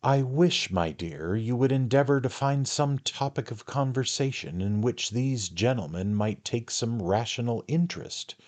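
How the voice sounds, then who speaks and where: A man reading aloud, raising his voice to play a sharp-tongued, impatient wife. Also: animated, a little slow, hardly any pauses, close to an everyday voice. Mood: scolding. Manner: tart, impatient, lifts pitch for her lines. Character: snappish, sharp-tongued middle-aged wife.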